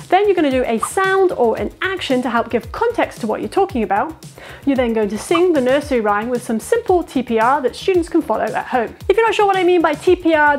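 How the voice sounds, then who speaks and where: A woman, an ESL teacher giving upbeat, practical tips in an instructional video. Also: sits high.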